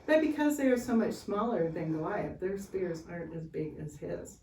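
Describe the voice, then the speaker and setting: A woman telling a Bible story to children at Sunday school, chatty and animated, with asides to the kids. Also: on the low side, normal speed. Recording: roomy, from far off, faint hiss.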